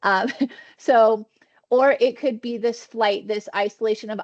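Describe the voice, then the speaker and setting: A woman's voice: on the high side, fairly even intonation, unhurried. A woman trainer leading a virtual wellness session, talking in a conversational way and acting out inner thoughts, over a video call. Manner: warm conversational teaching, acts out inner thoughts. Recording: dull lo-fi video call audio.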